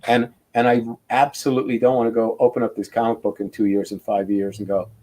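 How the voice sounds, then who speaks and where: An older man who works as a comic book inker, talking casually over a video call in a rambling, animated way, full of restarts. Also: medium pitch, quick pace.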